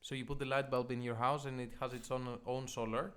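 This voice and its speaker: A man with a smooth, resonant voice at a middling pitch, chatting on a podcast. He is blunt and teasing and swears casually. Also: level tone, fairly quick.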